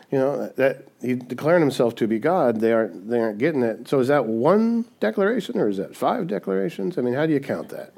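A man's voice: mid-range voice, fairly quick, gravelly. A man preaching a sermon as pastor, casual and conversational, often asking "right?" and acting out quoted voices. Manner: conversational, frequent "right?" tag questions; animated, acts out quoted voices.

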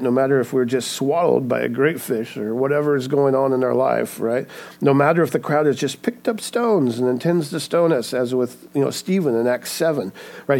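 A man's voice: medium pitch, a little mellow. Earnest man preaching a sermon. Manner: earnest preaching, often asks "right?". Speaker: pastor.

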